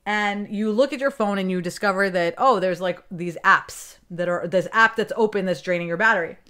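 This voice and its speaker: A woman's voice: mid-range voice, moderate pace, bright, forceful tone. A woman guest on a podcast speaking enthusiastically about business habits. She explains her points with vivid everyday metaphors and often restarts mid-sentence. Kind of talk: casual interview chat.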